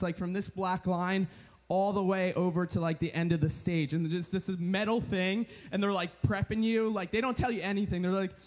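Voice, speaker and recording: A young man giving a storytelling sermon at a retreat, animated and chatty with lots of filler words. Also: sits high. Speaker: retreat speaker.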